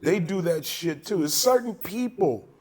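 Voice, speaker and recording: Animated, high-voiced comedian telling a story. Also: male voice, measured pace. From Los Angeles. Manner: animated, profane, acts out dialogue. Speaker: podcast host and comedian.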